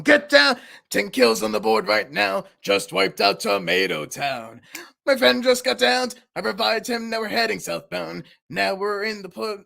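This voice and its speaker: A man voicing a loud, menacing talking knife, singing slowly and dramatically on a livestream. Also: high voice, gravelly, voice pushed up, heavily acted. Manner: slow, drawn-out sung delivery.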